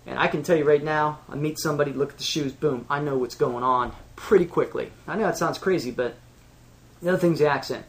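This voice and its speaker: A man with a Pittsburgh accent gives a casual spoken lesson. His voice sits a little high for a man, and his delivery is self-assured and conversational, full of repeats and restarts. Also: a little fast. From Pittsburgh, United States. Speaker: awareness skills instructor.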